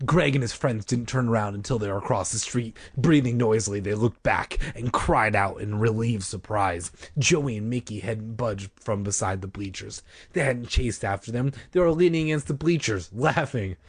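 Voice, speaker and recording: A man narrating an audiobook with expressive storytelling. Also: lowish voice, normal speed, husky, no room sound, studio quality. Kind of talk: audiobook reading.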